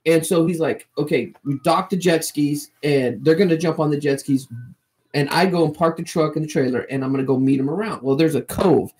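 A man's voice: on the high side, fairly quick, darkish tone. Rambling, profane man in his forties. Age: 40s. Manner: profane, rambling, laughs through stories. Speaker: podcast co-host. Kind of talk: casual storytelling chat.

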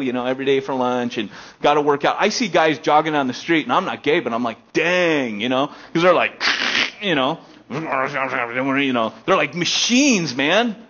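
A young American man preaching a casual storytelling sermon, animated, with loud excited bursts and quiet stretches. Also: on the high side. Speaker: pastor. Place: elementary school meeting room. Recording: dull lo-fi sermon recording.

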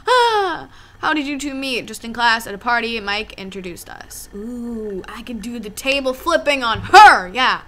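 A woman's voice: on the high side, measured pace. A woman commenting on a game and reading its chat lines aloud, often squealing and laughing as she reacts. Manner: animated, squealing and laughing at the story. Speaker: let's play gamer. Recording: loud music behind the voice.

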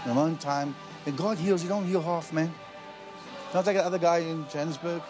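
A middle-aged man preaching a sermon, telling a story with lively acted-out dialogue. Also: on the high side, a little fast, over music. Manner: animated storytelling, acts out quoted dialogue. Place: large auditorium.

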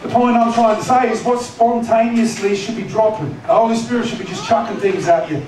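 Man preaching, high voice, teasing, booming hall echo, noisy distant recording. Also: steady tone, brisk. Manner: conversational, teasing, asks the congregation questions. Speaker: pastor. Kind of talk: sermon. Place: church hall. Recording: echoey church hall, distant mic, noisy.

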